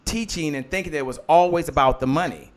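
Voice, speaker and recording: Energetic preachy host, high-pitched man. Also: fast. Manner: preachy, call-and-response, greets viewers by name. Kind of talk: live motivational business show.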